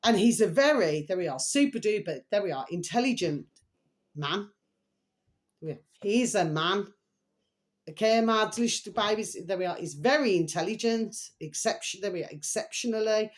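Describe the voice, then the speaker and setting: A woman's voice: medium pitch, lively intonation, moderate pace. A middle-aged woman rambling in a casual, emotional monologue to her viewers, full of repeated pet phrases. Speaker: vlogger.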